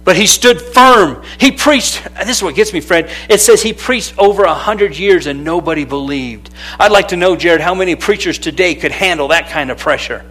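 A man with a fairly high voice delivers a sermon from the pulpit. He preaches in an animated, conversational way, leaning on questions and calling to listeners by name. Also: moderate pace, hardly any pauses. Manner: animated, calls out to people by name. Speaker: pastor.

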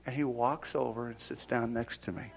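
A middle-aged man preaching a sermon, telling a personal story and swinging from whispers to loud exclaims. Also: mid-range voice, fairly even intonation, moderate pace, vocal fry, husky.

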